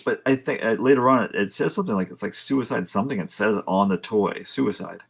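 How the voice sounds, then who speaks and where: A man with a husky voice co-hosting a casual film review podcast, relaxed and full of "like". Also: lowish voice, fast talker. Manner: relaxed, many "like" fillers. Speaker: podcast co-host.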